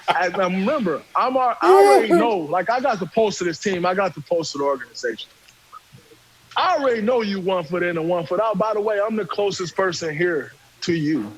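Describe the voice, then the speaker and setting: A man, casually telling a profane, animated story and acting out what people said. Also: sits high, low-quality recording. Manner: animated, profane, acts out quotes. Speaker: podcast guest storyteller.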